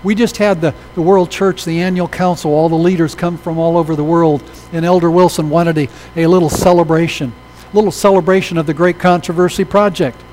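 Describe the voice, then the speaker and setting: A man preaching a sermon, telling stories with animated delivery and acting out the people in them. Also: fairly high pitch, a little fast, a little hiss or hum, poor audio. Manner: animated, acts out quoted voices in stories. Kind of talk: sermon storytelling.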